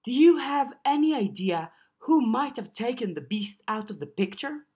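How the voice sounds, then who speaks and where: A woman voicing a blunt, practical young woman who presses for answers, in a husky voice. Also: a little high, very animated, normal speed, dark tone, pitched above the performer's own voice. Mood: questioning. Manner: direct, questioning.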